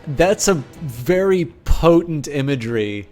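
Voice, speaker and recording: A man's voice: mid-range voice, measured pace, faint music behind. A man streaming live and chatting casually, rambling through long, complicated sentences.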